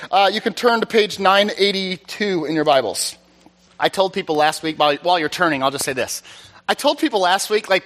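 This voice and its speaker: A man preaching in a relaxed, chatty way, with a fairly high voice for a man. His tone is bright and forward, and he jokes at his own expense while checking in with his listeners. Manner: chatty, self-deprecating, keeps checking in with "all right?". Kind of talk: conversational teaching sermon. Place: church service.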